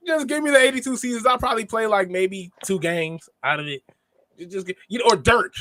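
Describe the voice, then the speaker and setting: A man's voice: high voice, fairly quick, fairly bright tone, slight background noise. A man co-hosting a wrestling review podcast in rambling, slangy casual chat. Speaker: podcast co-host.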